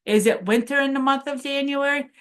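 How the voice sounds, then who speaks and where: A woman's voice: high-pitched, fairly quick, fairly bright tone. A woman hosting a preschool morning lesson, coaxing young children through upbeat call-and-response chants. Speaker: children's show host.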